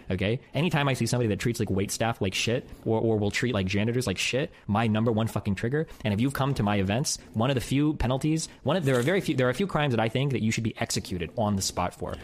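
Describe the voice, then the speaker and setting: A man's voice: mid-range voice, slight background noise. A man streamer ranting heatedly and profanely to his audience.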